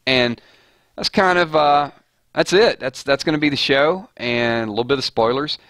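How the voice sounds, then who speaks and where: A man's voice: mid-range voice, moderate pace, fairly bright tone, no room sound. A man hosting a casual live stream about a TV series, talking in a rambling way with frequent restarts and filler words.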